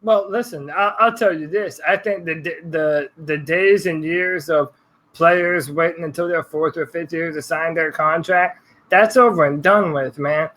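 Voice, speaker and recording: A man's voice: fairly high pitch, measured pace, a bit bright, low-quality recording. A man speaks in a slightly raised voice, giving blunt opinions in an easygoing way. He throws in the odd curse word as he chats about sports. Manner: blunt and laid-back, with mild swearing. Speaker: podcast co-host. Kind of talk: casual sports talk.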